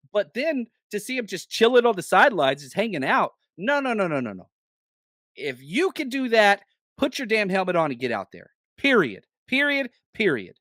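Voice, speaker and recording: A man's voice: sits high, fairly bright tone, dry recording, clean studio sound. A man hosting a live sports podcast, ranting bluntly and heatedly, swearing and stammering when worked up. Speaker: podcast host.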